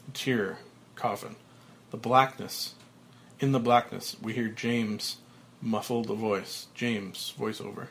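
A man's voice: fairly low pitch, slow pace, creaky, a little hiss or hum. Man reading stage directions, matter-of-fact. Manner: steady, matter-of-fact, with small slips. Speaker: podcast host reading a film script.

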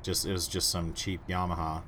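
A man cohosting a podcast, recalling a story in a relaxed, wry way. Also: low-pitched, normal speed, a little hiss or hum. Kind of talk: casual chat.

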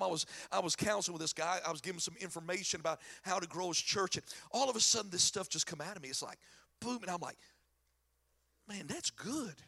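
A middle-aged man delivers a sermon in a church, his high voice edged with gravel and a husky breathiness. He tells stories with animated energy and bursts of shouted emphasis, and his tone stays bright and forceful. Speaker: pastor.

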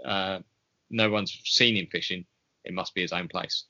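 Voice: low voice, steady tone, pushed and bright, lo-fi sound. A podcast co-host in casual comedic chat, teasing and often laughing. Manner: teasing, laughing, quick-witted.

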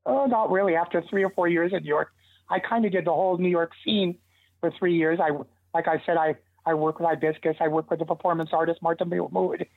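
Brisk and a little high, with vocal fry, an older man rambles through animated stories as an interview guest, restarting as he goes. The tinny, dry phone line has no echo.

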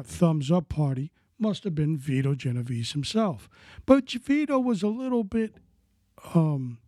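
A man's voice: a little high, mellow, slightly rough, dry recording, studio quality. A man narrating crime history in a casual, speculative storytelling way, with frequent conversational asides.

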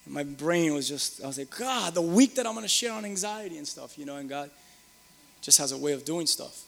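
A man's voice: a little high, lively intonation, a little fast, creaky, a bit bright, long reverb tail. A middle-aged man preaching a sermon, earnest and repetitive, rising to emphatic peaks. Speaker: pastor.

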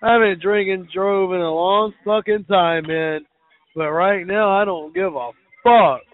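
A drunk man calling in, whining and cursing loudly about being wronged. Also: high voice, steady tone, measured pace, no echo. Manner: slurred, self-pitying, cursing and shouting. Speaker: caller. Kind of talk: angry phone rant. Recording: tinny phone line.

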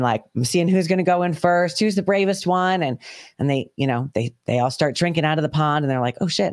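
A woman co-hosting a podcast, telling a story in casual chat, animated and swearing freely. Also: on the low side. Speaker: podcast co-host.

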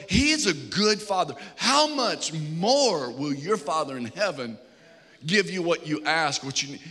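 A man's voice: on the high side, bright, forceful tone, long reverb tail. A man preaching a sermon to his congregation, urging and pleading with them. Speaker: pastor.

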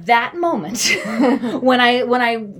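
A young adult woman chatting casually as a guest, telling a lively story and acting out the quotes. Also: slow pace, slightly rough. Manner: animated storyteller, acts out quotes with big pitch jumps. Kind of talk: casual chat.

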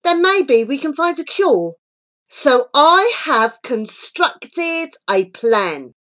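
A woman's voice: sits high, very animated, slow pace, bright, forceful tone, pitched above the performer's own voice, exaggerated voice. A woman doing Flora, a bossy, patient schoolgirl. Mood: earnest. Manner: bossy and patient, explains things. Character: eager, earnest schoolgirl who makes plans.

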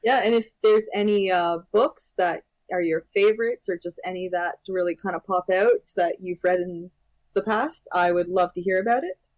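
A woman co-hosting a podcast, dropping dry puns into the chat. Her voice sits at a middle pitch, and it comes through a dull, lo-fi mic with a dry sound. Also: normal speed, a little mellow, no echo. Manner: dry, punning wit. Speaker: podcast co-host. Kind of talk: casual chat.

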